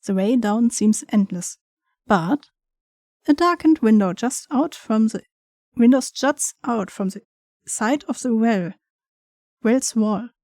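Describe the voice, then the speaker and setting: A woman's voice: fairly high pitch, lively intonation, takes it slowly, pauses often, a little mellow, no room sound. A young woman playing through a game, reading its text aloud with chatty, giggly asides. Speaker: gaming streamer.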